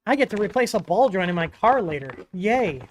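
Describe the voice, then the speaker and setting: A man hosting a casual livestream Q&A, talking in a relaxed, chatty way with frequent ums and asides, from a home studio. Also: sits high, a little fast, slight background noise. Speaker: livestream host answering 3D printer questions. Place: home studio with dogs nearby.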